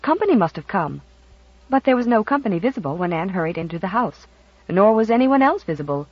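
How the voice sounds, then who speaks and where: Narrator for a storybook: expressive scripted reading, mid pitch, dry muffled audio. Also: quick pace, no room sound.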